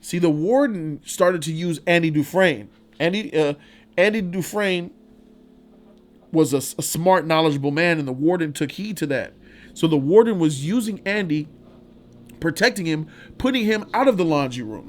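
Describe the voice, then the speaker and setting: A man's voice: fairly high pitch, animated, normal speed. A man hosting a casual movie review vlog, rambling, profane and enthusiastic.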